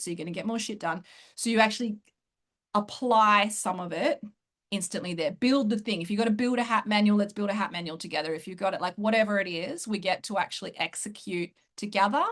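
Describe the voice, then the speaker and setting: A woman coach talking through her group program in a casual interview, excited and quick to laugh. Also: mid-range voice. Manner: excited, laughs often, fast bursts. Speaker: host and coach.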